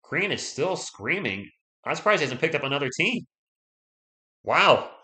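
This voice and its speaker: A man hosting a live stream, giving casual play-by-play commentary, chatty and excitable, and talking straight to his viewers. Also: on the high side, normal speed. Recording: echoey room.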